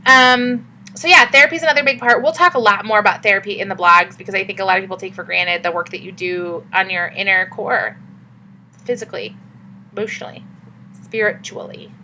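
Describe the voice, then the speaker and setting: A young woman talks straight to the camera in a casual vlog, chatty and upbeat, leaning on fillers. Her voice is bright and forward, at an ordinary pitch, with a faint hum behind it. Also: steady tone, fairly quick, rough recording. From Massachusetts. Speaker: vlogger.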